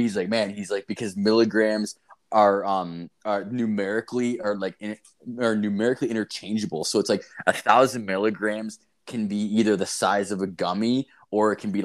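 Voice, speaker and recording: A man with a fairly low voice rambles through stories on a casual podcast. He swears freely and talks loosely. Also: brisk. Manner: profane, rambling storytelling. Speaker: podcast co-host. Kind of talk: casual chat.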